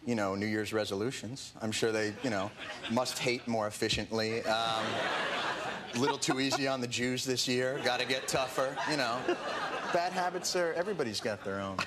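A man guesting on a talk show, joking in a deadpan, halting way with lots of fillers. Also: medium pitch. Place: TV studio with audience. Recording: loud studio audience noise in broadcast clip.

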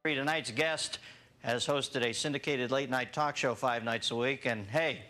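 A man's voice: mid-range voice, normal speed, bright, forceful tone, faint music behind. A man hosting a talk show, wisecracking sardonically with his guest. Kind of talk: talk show interview banter.

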